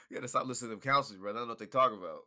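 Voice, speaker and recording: A man's voice: mid-range voice, pushed and bright. A tipsy young man chatting casually with laid-back slang, teasing and apologetic by turns. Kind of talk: casual chat.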